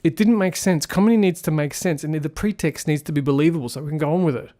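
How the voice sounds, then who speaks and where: Rambling man reviewing a film, higher voice. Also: fast talker, mellow. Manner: rambling, critical, thinking aloud. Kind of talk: casual spoken film review.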